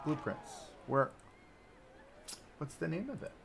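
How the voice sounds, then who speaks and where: A man live-streaming a park-building game, chatting and thinking aloud as he browses and places items, swinging between excited outbursts and low mutters. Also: slow pace, vocal fry, slight background noise. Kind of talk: casual live-stream commentary while building.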